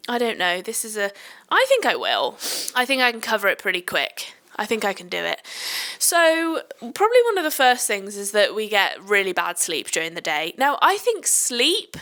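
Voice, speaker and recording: A woman's voice: medium pitch, bright, forceful tone. A young woman who works night shifts in medicine, hosting a podcast and chatting in a rambling, self-deprecating way. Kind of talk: casual chat.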